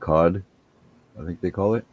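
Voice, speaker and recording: A middle-aged man in casual chat, telling animated stories full of swearing. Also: sits low, normal speed. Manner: profane, animated storytelling.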